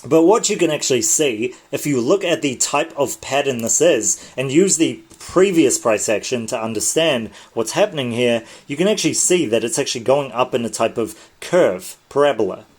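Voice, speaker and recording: A man's voice: mid-range voice, lively intonation, normal speed, few pauses, breathy edge. A tired man hosting a casual livestream, talking viewers through trading charts in a loose, chatty way and often correcting himself mid-sentence. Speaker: crypto trading channel host.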